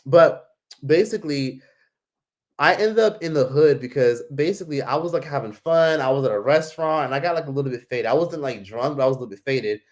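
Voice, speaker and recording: A man's voice: mid-range voice, lively intonation, fairly quick. A man casually telling a travel story to camera, rambling, swearing freely and leaning on filler words. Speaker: vlogger.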